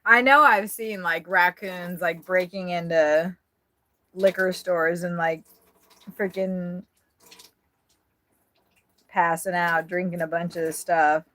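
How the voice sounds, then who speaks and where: Slow-talking woman chatting on a livestream. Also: on the low side, fairly even intonation, a bit bright. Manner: joking, laughs often. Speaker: livestream host. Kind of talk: casual livestream chat.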